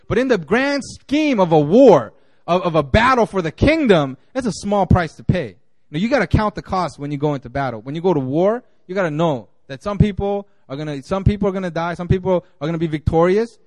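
High-voiced male pastor, casual sermon, lots of restarts, dry close sound. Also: lively intonation, a little fast, no room sound. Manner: conversational, many fillers and restarts.

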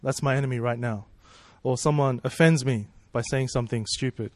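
With a mid-range voice and fairly even intonation, this man speaks fairly quickly as he preaches. His sermon feels relaxed and chatty, full of rhetorical questions and "right?" and "you know" check-ins, and there's no room sound.

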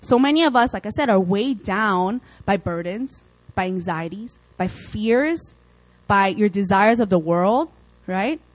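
A young woman preaching a casual, lively sermon, with chatty asides and playful acted quotes. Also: medium pitch, a little slow, dry recording, poor audio.

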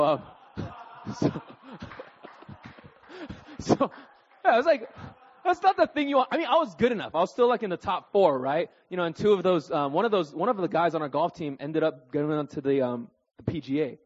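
Animated man telling stories in a hall. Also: on the high side. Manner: animated, keeps adding "right?" and "okay?"; self-deprecating and jokey. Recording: dull recording with long hall reverb.

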